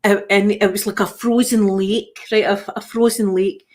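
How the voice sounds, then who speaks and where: A woman's voice: medium pitch, fairly even intonation, moderate pace, darkish tone. Chatty Scottish woman telling stories. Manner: chatty storyteller who acts out the voices in her stories. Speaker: channel host. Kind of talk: casual live chat.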